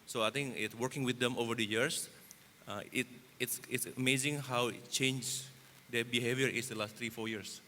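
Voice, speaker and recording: A man's voice: mid-range voice, fairly even intonation, normal speed, sharp tone. A man from Indonesia, an event promoter, speaking hesitantly with many fillers on a panel. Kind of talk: panel discussion. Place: conference stage in a large hall. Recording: hall reverb, faint noise.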